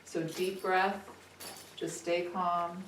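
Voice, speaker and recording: A woman puppy trainer calmly explaining training exercises to owners. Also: fairly low pitch, slow. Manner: calm, steady instructive tone. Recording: echoey room, distant mic, faint noise.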